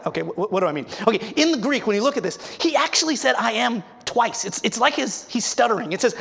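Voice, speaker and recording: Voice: mid-range voice, expressive, quick pace, gravelly, few pauses, fairly bright tone, slightly rough. A preacher giving an emphatic sermon, asking the listeners rhetorical questions and sometimes restarting words.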